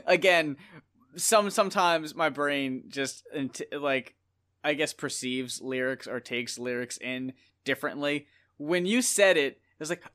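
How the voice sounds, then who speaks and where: Bright-voiced man chatting casually. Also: a little high, a little slow. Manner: rambling, laughs often, swears casually. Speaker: podcast co-host. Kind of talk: casual album review chat.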